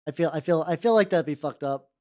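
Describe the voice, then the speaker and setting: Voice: mid-range voice, fast, warm tone. A streamer chatting casually with a live chat while painting miniatures, rambling, swearing freely and trailing off mid-thought. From United States.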